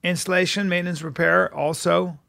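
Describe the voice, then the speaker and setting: Gravelly, bright-voiced man in his late forties. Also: sits high, little pitch movement, fairly quick. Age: late 40s. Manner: joking, crude banter. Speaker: podcast co-host. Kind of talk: casual chat.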